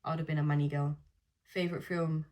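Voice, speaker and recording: A woman's voice: low voice, flat delivery, fast talker, a little mellow. A young woman answering viewer questions in a candid, chatty vlog full of blunt slang. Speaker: vlogger. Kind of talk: casual Q&A vlog.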